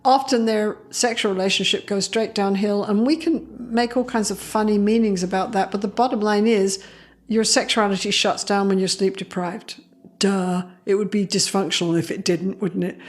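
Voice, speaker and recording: Animated woman psychologist telling stories. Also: mid-range voice, moderate pace. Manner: animated, acts out quoted voices, laughs often. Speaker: clinical psychologist guest. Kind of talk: conversational interview storytelling.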